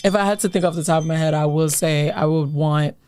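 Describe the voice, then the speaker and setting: A woman's voice: low-pitched, quick pace, no echo. A woman co-hosting a podcast, chatting and telling stories with lots of laughter. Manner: lively, laughing, storytelling. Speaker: podcast co-host. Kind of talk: casual chat.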